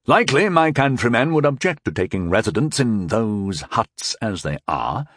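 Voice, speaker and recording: A man voicing a dutiful knight advisor who speaks in measured, courtly, old-fashioned phrasing. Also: mid-range voice, dry recording, clean studio sound. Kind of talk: audiobook character voice.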